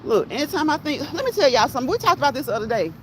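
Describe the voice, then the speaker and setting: A woman livestreams a walk outdoors, chatting folksily with viewers into her phone mic and reading their chat messages aloud. Her voice is high-pitched, very animated and rapid-fire, and strong wind blows loudly into the phone microphone.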